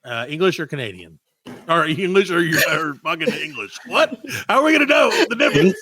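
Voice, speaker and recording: Man, podcast host, high voice, lively pitch, teasing, profane. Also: fairly quick. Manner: teasing, profane, loud laughter. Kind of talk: casual comedy banter.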